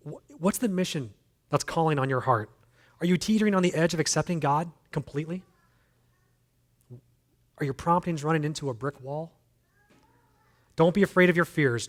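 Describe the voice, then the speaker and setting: A man preaches a sermon in a relaxed, conversational way, repeating key phrases for emphasis. His voice sits a little higher than most men's, and he mixes in self-deprecating jokes. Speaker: guest speaker.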